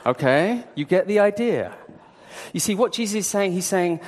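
A man preaching a sermon, telling the story in a lively way and acting it out. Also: high-pitched, moderate pace. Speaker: pastor. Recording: long hall reverb.

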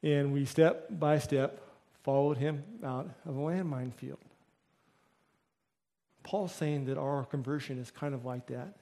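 A middle-aged man, a pastor, preaching a sermon with lively storytelling and acted-out quotes. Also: mid-range voice, unhurried, vocal fry. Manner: storytelling, acts out quoted voices.

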